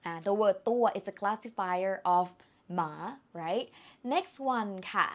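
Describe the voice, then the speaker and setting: Speaking at a medium pitch with lively intonation, a Thai-accented woman gives an online language lesson. She goes slowly and carefully, saying words more than once to model their tones.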